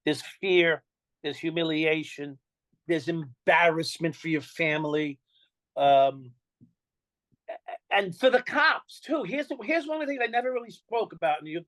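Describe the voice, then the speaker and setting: A man's voice: a little high, expressive, a little slow, a bit bright, no echo, rough recording. Blunt older New York man telling his story. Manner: blunt, profane, acts out quoted dialogue. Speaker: interview guest. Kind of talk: candid storytelling interview.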